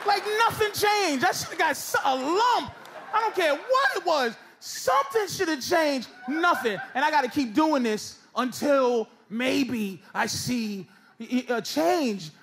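A man doing a stand-up comedy set on stage, ranting loudly with shouted bursts. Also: very high voice, lively intonation, measured pace. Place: comedy stage before a live audience. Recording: live show with loud crowd noise. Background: audience laughter.

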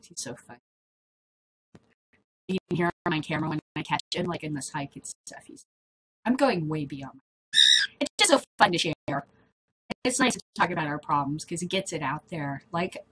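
A woman's voice: fairly low pitch, fairly bright tone, a little hiss or hum, low-quality recording. A middle-aged woman hosting a casual video blog, rambling to the camera with frequent laughter. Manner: chatty, laughs often, drifts between topics. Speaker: vlog host.

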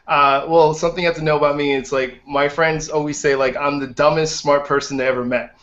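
Man, slightly high voice, rambling casual chat, dull lo-fi audio. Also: steady tone, brisk, a bit bright. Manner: rambling, uses "like" a lot.

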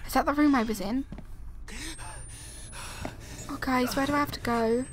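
High-voiced jittery young woman gamer. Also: moderate pace. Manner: frightened, rambling, repeats herself, talks to viewers. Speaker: gaming video creator. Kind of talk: live horror game commentary. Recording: noisy background.

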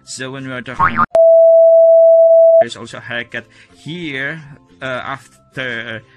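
A man teaching a casual video lesson, explaining step by step and repeating each word slowly. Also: medium pitch, creaky, loud music behind the voice. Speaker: Arabic teacher.

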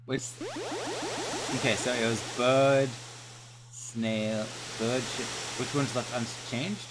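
A man joking and swearing while commenting on a game he is playing with his brother, with sudden loud outbursts. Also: mid-range voice, steady tone, takes it slowly, very noisy. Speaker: gameplay commentator. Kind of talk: casual gameplay commentary.

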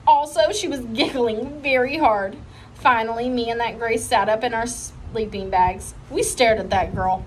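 A woman's voice: a little high, a little slow, a little hiss or hum, rough recording. Woman reading a children's book aloud. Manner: expressive storytelling. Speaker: reader.

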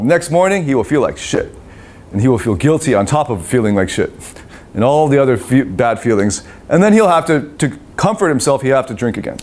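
Man, middle-aged, relationship coach, live seminar, casual cursing, wide pitch swings. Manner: animated and profane, acting out the voices of babies and parents.

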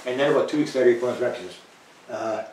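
A man's voice: medium pitch, fast talker, very noisy. A man being interviewed, spinning a long story with energy and voicing the other people in it. His voice sits mid-range and comes from a little way off the mic. The room is echoey and bounces the sound back. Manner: animated, chuckling, acts out quoted dialogue. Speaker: interview guest. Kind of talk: anecdotal storytelling in conversation. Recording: roomy, distant mic.

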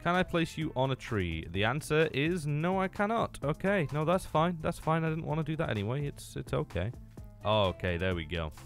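A young man giving playful, excitable commentary on his Minecraft game, taunting the mobs and laughing often. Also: on the high side, moderate pace, soft background music. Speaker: gaming YouTuber. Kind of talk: Minecraft let's-play commentary.

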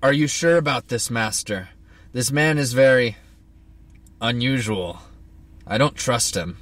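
A man voicing a gruff male henchman during a podcast script read. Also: mid-range voice, a little slow, fairly bright tone, dry recording, distant mic, natural voice. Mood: suspicious.

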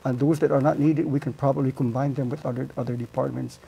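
Male candidate, Guam accent, gravelly husky voice, halting answers. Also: mid-range voice, steady tone, highs cut off. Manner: halting, many fillers. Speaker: senatorial candidate. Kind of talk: answering panel questions.

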